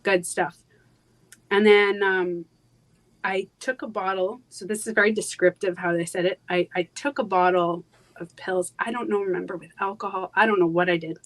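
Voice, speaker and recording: A woman guest in a live interview, telling a personal story in a halting way, with many fillers and restarts, going soft on painful moments. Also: medium pitch, fairly even intonation, rough recording.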